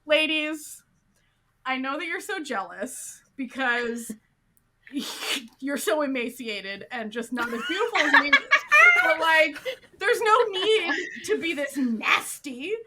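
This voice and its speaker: A woman's voice: high-pitched, lively intonation, slow, sharp tone, slight background noise, full character voice. A woman voicing a bubbly, self-assured young female drama heroine who gushes breezily about herself. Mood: boastful. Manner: breezy, gushing self-praise.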